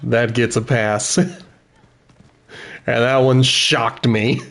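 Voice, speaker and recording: Slow-talking chatty middle-aged man. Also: mid-range voice, lively intonation, creaky, fairly bright tone. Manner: chatty, laughs often, self-correcting. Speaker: streamer. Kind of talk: casual gameplay commentary.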